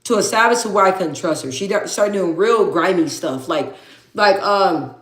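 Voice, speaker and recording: A woman hosts a casual livestream, speaking candidly to viewers, reading their comments aloud, and repeating phrases for emphasis. Her mid-range voice has lively intonation at a normal speed, and the recording sounds like an echoey room.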